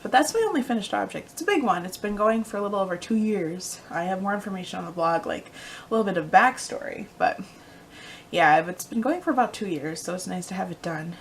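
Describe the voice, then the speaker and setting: A young woman hosting a casual knitting podcast, rambling and chatty with lots of ums and quiet asides. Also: mid-range voice, animated, a little fast, gravelly, a little hiss or hum, low-quality recording. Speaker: podcast host.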